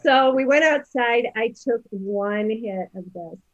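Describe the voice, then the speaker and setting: A woman's voice: a little high, measured pace, dry recording. Chatty fifties woman guest, loose and digressive; dull dry recording. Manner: chatty, rambling, many fillers and restarts. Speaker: podcast guest. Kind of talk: casual storytelling interview.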